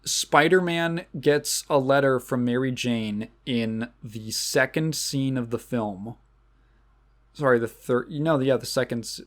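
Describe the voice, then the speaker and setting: Rambling, sarcastic man hosting a podcast. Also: medium pitch. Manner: rambling and sarcastic, with frequent restarts. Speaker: podcast host. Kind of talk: casual rant about a movie.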